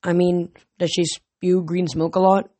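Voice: mid-range voice, level tone, a little slow, warm tone, dry recording, lightly acted. A reader voicing an unsure, earnest teenage girl who blurts things out. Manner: hesitant then blurting.

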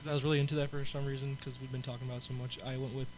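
A man co-hosting a podcast, chatting in a relaxed way and laughing easily. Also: mid-range voice, racing, slight background noise, poor audio. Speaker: podcast co-host. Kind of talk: casual chat.

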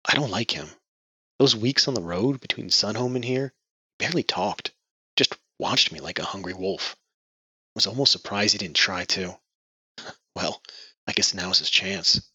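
A man's voice: lowish voice, a little slow, pauses often, bright, forceful tone, breathy edge, no echo, exaggerated voice. A man voicing a grieving, defiant young woman. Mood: anguished. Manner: emotional, raised voice near tears. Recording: dull lo-fi audio.

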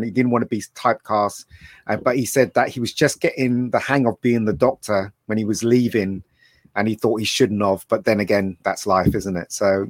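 A man's voice: mid-range voice, dry recording. Opinionated man, dry close sound. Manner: opinionated, digressive. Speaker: podcast co-host. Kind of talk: casual chat.

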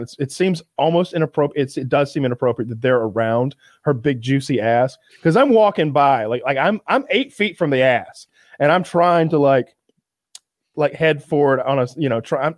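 A man's voice: medium pitch, lively intonation, brisk, no room sound, studio quality. A man telling a crude comedic story on a video call, rambling with lots of repeated filler words and swearing.

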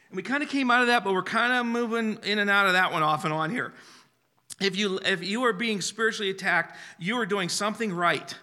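Bright-voiced man preaching, chuckling often. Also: fairly high pitch. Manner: conversational preaching with frequent laughter and restarts. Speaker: pastor. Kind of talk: sermon.

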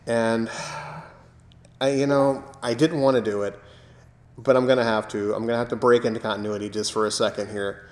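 Male podcast co-host, animated storyteller, recorded in a reverberant room. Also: medium pitch, fairly quick, long pauses. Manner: animated storyteller, acts out quotes. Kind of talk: casual chat. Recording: echoey room with long reverb.

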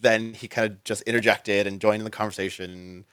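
A man's voice: lowish voice, fairly even intonation, a little fast, fairly bright tone, clear, resonant tone, no echo. A man telling a long story as a guest in an interview, rambling with lots of "like" and restarts.

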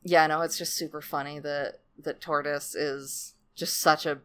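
A woman's voice: sits low, level tone, measured pace, a bit bright, smooth. A woman in casual chat, retelling folk tales in a rambling, laid-back way.

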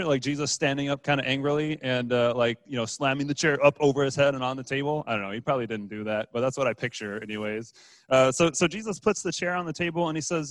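A man's voice: on the high side, fairly bright tone, dry recording. A man preaching a casual, joking sermon as a pastor, with frequent fillers and restarts. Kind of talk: conversational sermon.

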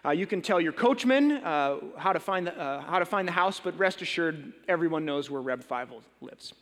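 A man's voice: fairly high pitch, expressive, moderate pace, fairly bright tone, in a large hall. A pastor voicing a proud self-important rich man. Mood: eager. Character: proud wealthy townsman, eager host.

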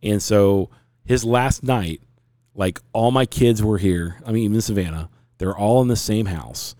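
A man in his forties tells a long personal story in an earnest, rambling way, as on a casual podcast. His voice sits a bit low and sounds mellow and warm. The recording is close and dry. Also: measured pace, no echo.

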